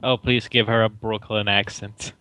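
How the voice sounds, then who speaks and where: A man's voice: fairly low pitch, level tone, moderate pace, bright, forceful tone, clean tone, no echo. A man playing a tabletop game in a joking, playful way. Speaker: player.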